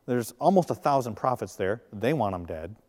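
A man's voice: fairly low pitch, lively intonation, normal speed, a little mellow. Man preaching in a reverberant hall. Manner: conversational preaching with jokes and acted-out quotes. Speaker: pastor. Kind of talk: sermon. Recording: long reverb of a large hall.

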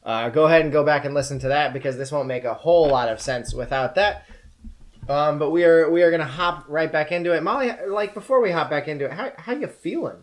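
A man running a tabletop game as game master, narrating in a lively, jokey way. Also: fairly high pitch, fast talker.

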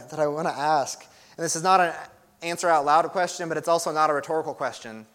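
Male pastor, young adult, earnest and emphatic sermon delivery, casual asides, voice a bit higher than most men.

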